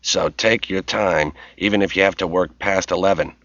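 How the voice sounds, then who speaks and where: A male audiobook narrator voicing a gruff, bullying male boss who growls threats. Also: deep voice, normal speed, a bit bright, no room sound, dull audio.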